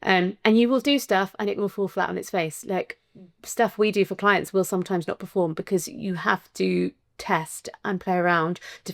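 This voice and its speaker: A woman's voice: on the low side, no room sound, studio quality. A woman guest on a podcast, speaking frankly and upbeat about marketing. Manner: frank, upbeat, informal fillers. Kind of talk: casual interview chat.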